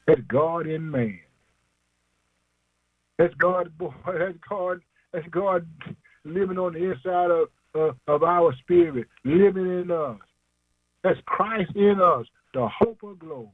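A man's voice: a little high, dry recording, phone-quality sound. A man preaching an informal sermon, emphatic and slangy, asking questions and answering them himself, chuckling often.

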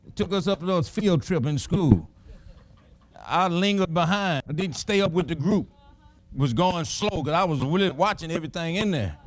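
A middle-aged man preaching a sermon, telling folksy stories in an animated way. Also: fairly high pitch, moderate pace, dry recording.

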